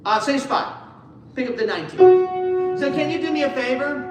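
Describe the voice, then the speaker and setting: A man's voice: extremely high pitch, normal speed. A man working as a choir director, coaching singers in rehearsal in an upbeat, encouraging way and singing lines to show them. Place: large echoey rehearsal room. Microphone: distant room mic. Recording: echoey room from far off, with piano. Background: piano and choir.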